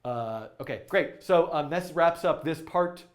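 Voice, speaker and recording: Male live-stream coding host, high-ish voice, excitable, rambling, lots of fillers. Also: measured pace. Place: indoor studio.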